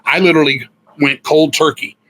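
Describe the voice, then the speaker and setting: A man's voice: on the high side, steady tone, brisk, bright, forceful tone. A middle-aged man, a guest musician, telling a candid story in a profane, rambling way, often restarting his sentences.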